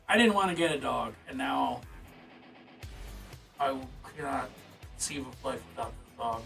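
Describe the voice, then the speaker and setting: Bright-voiced casual streamer guy. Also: mid-range voice, expressive, a little slow, vocal fry, pauses often, soft background music. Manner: reads game rules aloud, then reacts with casual, swearing asides. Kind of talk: casual livestream commentary.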